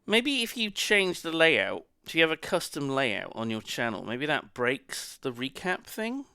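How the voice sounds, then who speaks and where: A man's voice: on the high side, wildly swooping pitch, a little slow, vocal fry, sharp tone, clear, resonant tone, no room sound, studio quality. A man chatting casually to his stream audience, rambling as he reacts to chat and swearing now and then. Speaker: live streamer.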